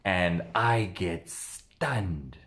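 A man working as an empath who does personal readings tells a story in a casual vlog. He is animated and drops sound words like "boom" between phrases. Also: extremely slow.

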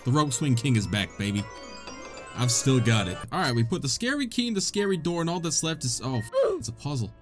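A man giving excitable, self-mocking let's play commentary, laughing often at his own mistakes, with game music in the background. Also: medium pitch, fairly quick. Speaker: gamer, channel host.

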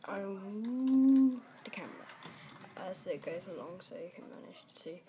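Excitable young woman gaming. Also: medium pitch, moderate pace, slight background noise. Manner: excitable, shrieks and laughs at mishaps. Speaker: gaming channel host. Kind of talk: casual gameplay commentary.

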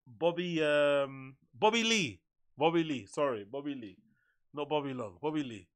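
A man's voice: on the high side, expressive, normal speed, no echo. A man hosting a casual reaction video, profane and loose, riffing on a clip. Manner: profane, laughs often, riffs loosely.

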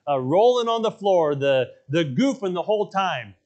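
A man's voice: high-pitched, big pitch swings, normal speed, darkish tone, dull audio. A male pastor preaching a sermon in a church, telling stories with emphasis and repeating his key phrases. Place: church sanctuary.

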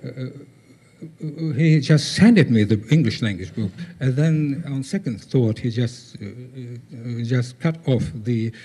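An older man gives a conference talk over slides, halting, with many pauses and fillers. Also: mid-range voice, dark tone, husky. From former Soviet Union. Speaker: guest speaker.

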